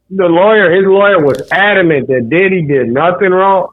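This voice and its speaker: A man co-hosting a podcast in casual talk, asking questions. His voice sits a little high and sounds narrow and tinny, as if over a phone line. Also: normal speed, hardly any pauses. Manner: inquisitive, brings up news details. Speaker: podcast co-host. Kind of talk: casual chat.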